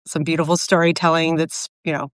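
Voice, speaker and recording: A woman's voice: sits low, level tone, a little fast, no echo, clean studio sound. A woman in her forties in casual, reflective chat, rambling with many fillers and restarts. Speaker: co-host of a live video chat.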